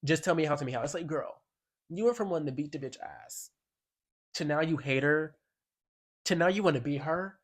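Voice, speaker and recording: A man's voice: fairly high pitch, fairly quick, pauses often. Sassy man reviewing an album. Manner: sassy, slangy, emphatic; reads song lyrics aloud. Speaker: music commentator. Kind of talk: casual album review vlog.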